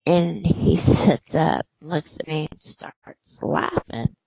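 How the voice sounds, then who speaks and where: Low gravelly woman telling her story. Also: mellow, dry recording, poor audio. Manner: halting, with many fillers and restarts. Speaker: host. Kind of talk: personal storytelling.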